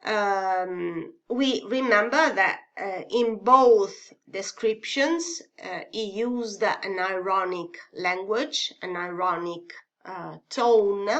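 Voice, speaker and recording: Slow, careful Italian-accented woman teacher. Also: medium pitch, pushed and bright. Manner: slow and careful, hesitant with many fillers and "okay?" checks. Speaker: English literature teacher. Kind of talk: spoken revision lesson.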